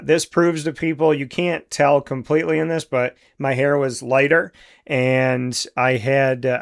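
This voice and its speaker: A man in his forties from central New York, hosting a talk show and speaking in a heartfelt, halting, openly emotional way. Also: medium pitch. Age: 40s. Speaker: host. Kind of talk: casual talk show monologue.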